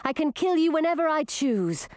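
Woman reading as a bold huntress, firm and bossy, a bit high and loud, dry sound. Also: sing-song, normal speed, dry recording. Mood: defiant, commanding. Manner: firm, commanding, scornful. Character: bold defiant young huntress with a spear. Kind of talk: audiobook character voice.

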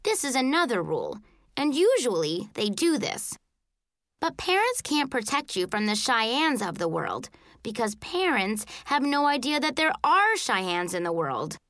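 A woman narrating a children's book in the first person, telling it in an expressive, childlike way. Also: fairly high pitch, measured pace, no room sound, studio quality. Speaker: audiobook narrator.

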